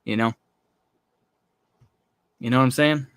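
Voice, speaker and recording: A man's voice: medium pitch, steady tone, a little slow, a bit bright, smooth, no echo, studio quality. A man delivering a blunt, profane opinion monologue in a casual, rambling way, with lots of filler phrases. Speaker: commentary channel host.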